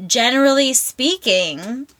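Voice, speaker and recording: A woman's voice: high-pitched, animated, slow, fairly bright tone, no room sound. A young woman from Minnesota co-hosting a podcast, chatting casually and emphatically with frequent laughter. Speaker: podcast co-host. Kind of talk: casual chat.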